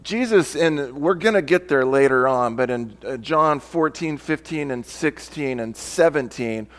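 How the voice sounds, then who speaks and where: A man's voice: on the high side, lively intonation, unhurried, fairly bright tone. A male pastor preaching a sermon, reading scripture aloud and explaining it, sometimes acting out different tones of voice.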